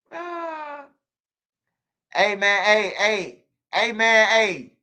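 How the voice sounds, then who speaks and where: A man hosting a stream, telling stories in a slangy, animated way and repeating himself. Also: high voice, slow pace. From Chicago. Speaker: channel host on a livestream. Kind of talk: casual storytelling to viewers.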